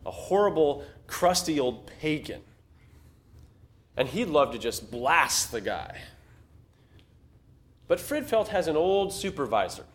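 Animated, conversational male preacher. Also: on the high side. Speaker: pastor. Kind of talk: sermon.

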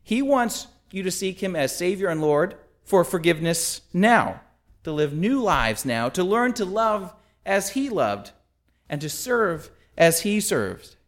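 Lively, emphatic man preaching. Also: sits high, measured pace. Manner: rhetorical questions, emphatic. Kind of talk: sermon.

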